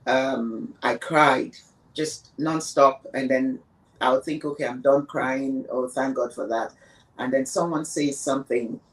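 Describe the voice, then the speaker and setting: A woman's voice: very deep voice, distant mic, rough recording. Earnest woman speaking slightly off-mic. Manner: earnest, emphatic, repeats for stress. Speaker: podcast guest. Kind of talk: reflective conversation on grief.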